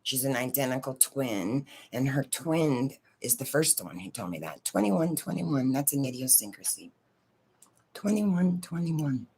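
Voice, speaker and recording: A woman's voice: extremely low pitch, lively intonation, normal speed, hardly any pauses, a little mellow, slightly rough. Woman host, casual confessional storyteller, blunt and profane. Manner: profane, rambling, keeps asking "right?". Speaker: channel host telling a personal story.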